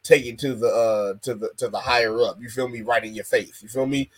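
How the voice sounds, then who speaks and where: A man's voice: medium pitch, fairly even intonation, fairly quick, breathy edge, rough recording. A man co-hosting a casual wrestling podcast, laid-back and chatty, often checking in with his partner. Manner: laid-back, keeps asking "you feel me". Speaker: podcast co-host.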